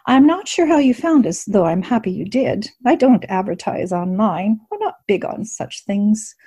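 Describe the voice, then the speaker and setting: A woman's voice: medium pitch, sing-song, normal speed, dark tone, slightly rough. A woman voicing an older woman innkeeper who speaks in a proper, precise way, in a storybook reading. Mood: gracious.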